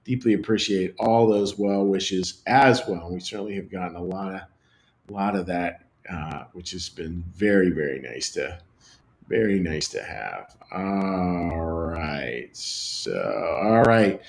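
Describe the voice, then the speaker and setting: A man serving as pastor on a livestream, praying and greeting viewers in a gentle, unhurried way. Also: on the low side, poor audio. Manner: gentle, unhurried, reads viewer messages aloud.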